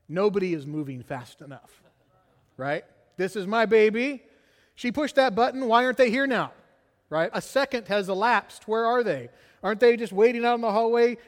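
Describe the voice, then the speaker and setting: A middle-aged man preaching a sermon, an animated storyteller who keeps asking "right?" as he tells a personal story. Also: high-pitched, big-room sound. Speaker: pastor.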